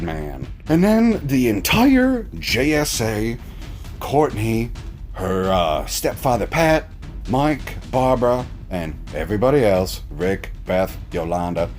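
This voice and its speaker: A man's voice: mid-range voice, very animated, takes it slowly, darkish tone, soft background music. A man giving a casual, profane and mocking recap of a TV episode as a reaction reviewer.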